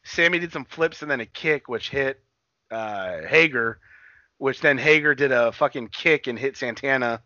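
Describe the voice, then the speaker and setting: A man co-hosting a casual chat, retelling things in a rambling, profane, animated way. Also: medium pitch, normal speed, no echo, lo-fi sound. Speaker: podcast co-host.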